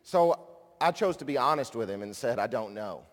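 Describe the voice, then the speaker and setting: A man's voice: medium pitch, expressive, moderate pace. Man telling a story in a reverberant hall. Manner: warm storytelling with self-deprecating humor. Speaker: conference speaker introducing a guest. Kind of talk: anecdotal conference speech. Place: large conference hall.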